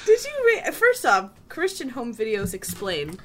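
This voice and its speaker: A woman's voice: on the high side, wildly swooping pitch, measured pace, a bit bright. A woman from Connecticut co-hosting a podcast in casual chat, playful and jokey. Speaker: podcast co-host. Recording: noisy podcast recording.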